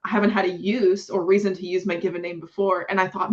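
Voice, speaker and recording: A woman's voice: on the low side, little pitch movement, quick pace, darkish tone, lo-fi sound. A woman hosting a casual book discussion, gushing and heavy on fillers, laughing between lines. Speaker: book club host.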